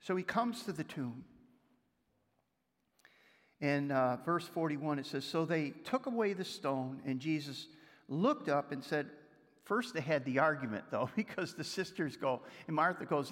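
Guy preaching, high voice, tells the story then reads verses, gets loud then goes real quiet, big echoey hall. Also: animated, a little slow. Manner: storytelling, reads scripture aloud, shifts between loud and hushed. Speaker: pastor. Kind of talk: sermon.

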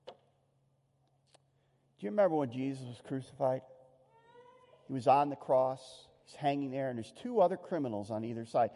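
A man preaching a sermon as pastor, animated, acting out quoted voices and dropping soft and low at solemn moments. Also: normal speed, long pauses. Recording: long hall reverb.

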